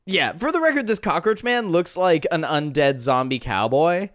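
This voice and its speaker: A man's voice: fairly high pitch, animated, moderate pace, a bit bright, no echo, studio quality. A man co-hosting a podcast, recapping a film in casual chat and acting out scenes with comic voices. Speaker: podcast co-host. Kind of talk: casual movie review chat.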